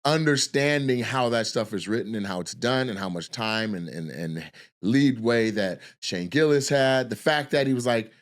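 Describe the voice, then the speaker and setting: A man's voice: mid-range voice, lively intonation, normal speed. Profane storytelling comedian in his forties. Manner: profane, loose and rambling, acts out the people he quotes. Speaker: comedian and podcast host. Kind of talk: casual storytelling on a podcast.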